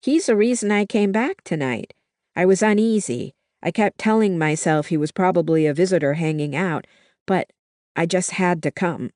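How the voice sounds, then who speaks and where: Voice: mid-range voice, moderate pace, darkish tone, dry recording, clean studio sound, natural voice. A reader voicing a worried young woman who speaks urgently and pleadingly. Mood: uneasy.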